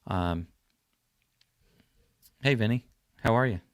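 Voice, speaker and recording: A man's voice: fairly low pitch, slow pace, no echo, studio quality. A man from New Jersey hosting a casual livestream, chatting loosely with lots of fillers. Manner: rambling, friendly, lots of fillers. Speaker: livestream host.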